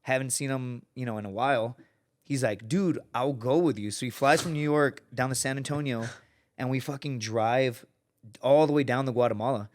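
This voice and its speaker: A man's voice: mid-range voice, normal speed. A man in his thirties telling stories as a podcast guest in a casual, profane way. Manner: profane, lively anecdote-telling, acts out quoted people. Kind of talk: casual storytelling.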